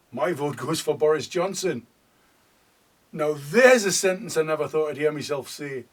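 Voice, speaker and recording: A man who hosts a comedy show, telling deadpan jokes and leaving pauses for laughs. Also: a little high, distant mic. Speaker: comedian and singer. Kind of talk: comic patter and singing.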